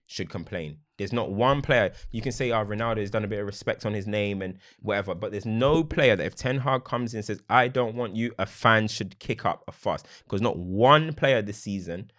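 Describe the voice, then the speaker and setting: A man in casual football chat on a podcast, animated and slangy, laughing often. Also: lowish voice, moderate pace, few pauses. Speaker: podcast co-host.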